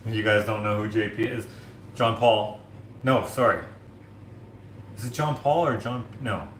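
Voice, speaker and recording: A man's voice: lowish voice, measured pace, reverberant, a little hiss or hum. A man hosting a casual livestream from his home kitchen, washing dishes while he reads comments and rambles, full of filler words like "like". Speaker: streamer and host.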